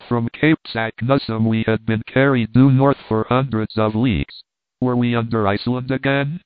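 A man reading a classic adventure novel aloud in a measured, dramatic first-person narration. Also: mid-range voice, dry recording. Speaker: audiobook reader. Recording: dry, phone-like narrow sound.

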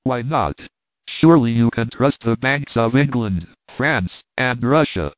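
A man's voice: mid-range voice, measured pace, no echo, natural voice. Guy doing a blunt, bossy army captain, storybook reading, tinny dry audio. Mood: firm. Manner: curt, commanding. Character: brusque impatient male army captain. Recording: dry tinny phone-like sound.

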